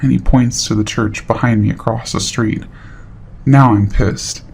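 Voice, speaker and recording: A man reading a horror story aloud in steady, matter-of-fact scripted narration. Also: medium pitch, measured pace, gravelly, a little hiss or hum.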